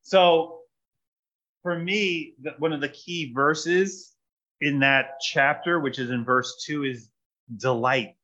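A man preaching a sermon in short, animated phrases, pausing for an interpreter. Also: fairly high pitch. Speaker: pastor. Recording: dull lo-fi sound.

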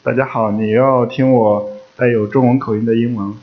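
A man's voice: medium pitch, fairly even intonation, normal speed, phone-quality sound. A man interpreting a sermon line by line, opening each line with a short filler sound before speaking plainly.

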